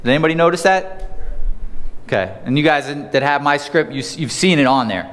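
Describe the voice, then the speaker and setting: Male sales trainer, fairly high voice, punchy live-seminar delivery, long hall echo. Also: fairly quick. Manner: energetic, conversational, asks the audience questions. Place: seminar room.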